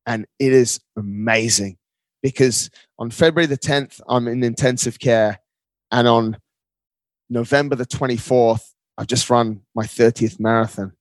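A man's voice: medium pitch, moderate pace, no echo. A man speaking as an interview guest, upbeat and emphatic, often calling his host mate. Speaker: guest, marathon runner. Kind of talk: casual interview talk.

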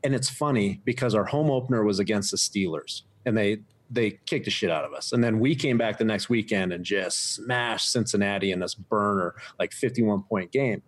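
A man's voice: on the low side, normal speed, hardly any pauses. A man and former pro football player telling stories in a casual chat, laughing easily as he talks.

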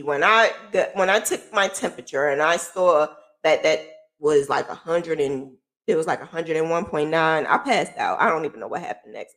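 In a casual vlog, a woman shares her own story with candor and emotion, cursing freely. Her voice sinks low and quiet, then climbs loud as she laughs.

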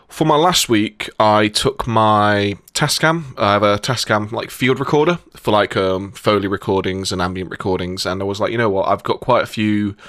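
A young man hosts a relaxed podcast with friends. He laughs easily and stumbles through fillers as he talks. His voice sounds close and dry, with almost no room around it. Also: fairly low pitch, no room sound. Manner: laughing, joking, hesitant with fillers. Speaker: podcast host. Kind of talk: casual podcast chat.

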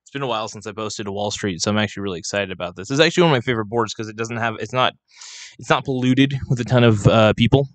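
A low-voiced man hosting a loose, unscripted livestream. He rambles and swears freely, talking into a desk microphone. The sound is dry and close. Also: racing, no echo. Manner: rambling, profane, irreverent. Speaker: livestream host. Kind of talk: casual livestream rant. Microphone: desk microphone, not clipped on.

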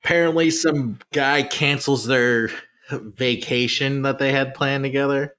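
A man co-hosting a podcast, chatting casually and jokingly about a movie. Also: medium pitch. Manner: animated, joking, quick to laugh. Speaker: podcast co-host. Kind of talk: casual movie-discussion chat.

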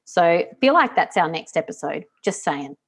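A woman's voice: on the low side, big pitch swings, normal speed, husky. A woman co-hosting a podcast in casual chat, heartfelt and reflective, often laughing. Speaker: podcast co-host.

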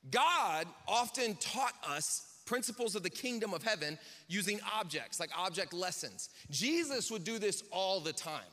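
A man's voice: high voice, lively intonation, moderate pace, sharp tone, long reverb tail. A man preaching a sermon in a casual, chatty way, with joking asides to the congregation. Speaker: pastor.

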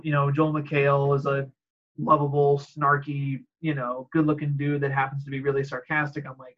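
A man's voice: medium pitch, fairly even intonation, moderate pace, lo-fi sound. A man in casual chat, rambling and laughing often as he acts out quoted exchanges.

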